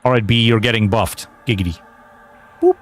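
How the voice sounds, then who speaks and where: A man's voice: on the low side, moderate pace, soft background music. Rambling, jokey man playing a game. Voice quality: rambling and jokey, swings into mock outrage. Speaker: game streamer. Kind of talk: casual gameplay commentary.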